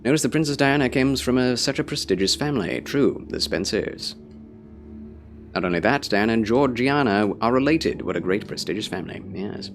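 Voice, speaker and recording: A man's voice: medium pitch, lively intonation, fairly quick, soft background music. A man live-streaming a game, chatting casually and theatrically with his viewers.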